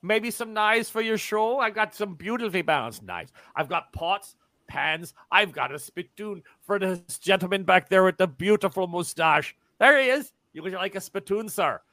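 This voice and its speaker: A man's voice: high-pitched, normal speed, dry recording. A man voicing a pushy, chatty traveling tinker who rambles and talks up his wares. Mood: eager. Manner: eager salesman, rambling and excitable.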